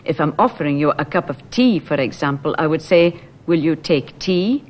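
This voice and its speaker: A woman narrating a language lesson, explaining grammar slowly and clearly. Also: deep voice, animated.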